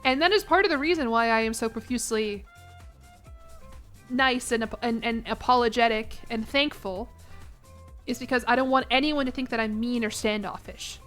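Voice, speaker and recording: A woman's voice: a little high, moderate pace, a bit bright, faint music behind. A young American woman streaming a game and chatting casually with her audience, in a rambling, self-conscious way. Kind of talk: casual chat with a live chat.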